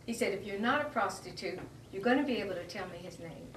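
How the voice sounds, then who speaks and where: A woman giving an emotional, halting personal account as an interviewee. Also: medium pitch, lively intonation. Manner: earnest, emotional, halting retelling. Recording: roomy, distant mic, faint noise.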